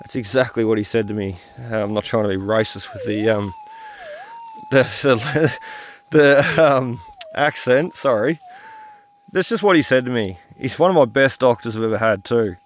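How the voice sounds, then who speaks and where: A tired man hosting a metal detecting video, talking in a halting, rambling way full of fillers while he searches outdoors. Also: medium pitch, slight background noise. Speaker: metal detecting channel host. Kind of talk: rambling casual vlog talk while detecting.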